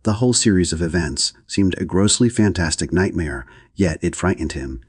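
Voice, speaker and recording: Low raspy guy reading an old novel out loud, dry close sound, steady and even. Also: moderate pace, no room sound. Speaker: audiobook narrator. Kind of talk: audiobook reading.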